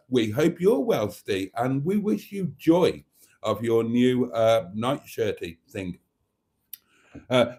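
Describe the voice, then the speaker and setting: Camp stream host, mellow and swooping, unhurried. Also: male voice, medium pitch. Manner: camp and theatrical, swooping voice, calls viewers darlings. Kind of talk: chatty live-stream hosting.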